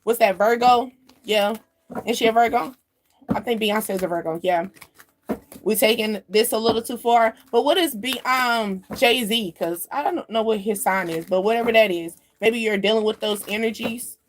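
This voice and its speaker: There's a little hiss or hum as the tarot reader, her voice a little high and her pace moderate, does a casual spiritual card reading straight to camera. Chatty and loose, she keeps turning to the viewer with asides, drifting off topic and laughing at herself.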